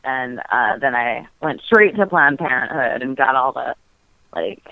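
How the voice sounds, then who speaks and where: Very deep-voiced and animated, this podcast guest speaks at a measured pace while casually and candidly relating a personal story. Frequent giggles and heavy "like" fillers mark her speech, heard through tinny, dry, echo-free phone-like audio.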